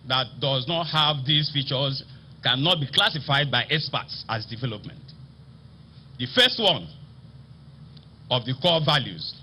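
A man with a Nigerian accent, a state assembly speaker, delivering a formal ceremonial speech in a slow, emphatic, oratorical manner. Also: fairly high pitch, sharp tone, husky. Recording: slightly dull broadcast audio with faint ambience.

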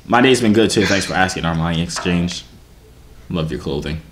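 A man's voice: animated, a little fast. Young man teasing strangers over noisy video chat.

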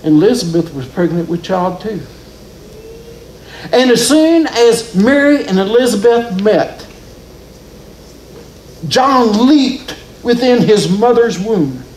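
A man's voice: high-pitched, expressive, slow pace, pauses often, a little mellow, a little hiss or hum. A man preaching a sermon in a church, telling the story with rising and falling emphasis. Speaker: pastor. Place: church sanctuary. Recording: roomy church echo.

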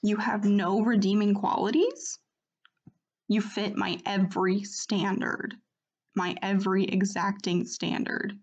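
A woman's voice: medium pitch, fairly even intonation, takes it slowly, breathy edge, highs cut off. A woman doing a boastful, earnest skeleton. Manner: proud, theatrical, loud.

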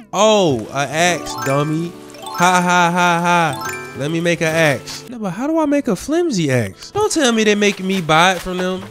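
A sleepy young man doing late-night let's-play commentary, goofy and rambling from one topic to the next. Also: on the high side. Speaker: gaming YouTuber.

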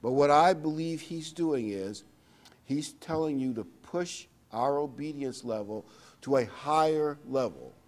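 A man's voice: fairly high pitch, unhurried, a little mellow. Man preaching a casual conversational sermon. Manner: conversational preaching with fillers, reads scripture aloud. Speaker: pastor.

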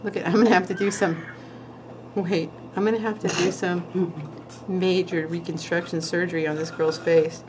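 A woman's voice: fairly low pitch, steady tone, normal speed, noisy background. A woman hosting a nail art tutorial, chatting casually and giggling while she paints, sometimes trailing off as she concentrates. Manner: chatty and giggly, with frequent laughs; talks while concentrating, trailing off mid-sentence.

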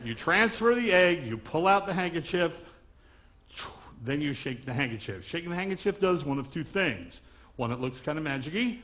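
A man's voice: on the high side, sing-song, normal speed, a bit bright, slight background noise. A man from Long Island doing a stand-up comedy magic act, wisecracking patter on stage before a live audience. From Long Island, New York.

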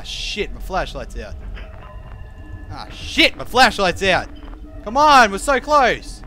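A man's voice: high-pitched, huge pitch swings, slow, pauses often, sharp tone, faint music behind. A man playing a horror game, reacting with jumpy swearing and nervous laughter. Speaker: let's play gamer.

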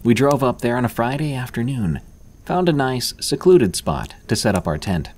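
A man reading first-person horror stories aloud as scripted narration, in a steady, measured delivery. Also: mid-range voice.

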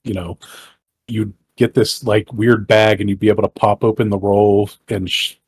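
A man's voice: on the low side, level tone, moderate pace. An American man co-hosting a podcast, chatting casually and arguing in a playful, joking way. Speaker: podcast co-host. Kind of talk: casual chat.

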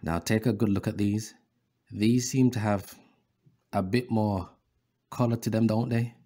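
A low-voiced man narrates over images like a preacher, leaning on the word brothers and circling back on his own phrases. His tone is deep and mellow, with plenty of ums and restarts. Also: fairly even intonation, unhurried. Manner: preachy, addresses listeners as brothers; repeats words, frequent fillers and restarts. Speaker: history video host.

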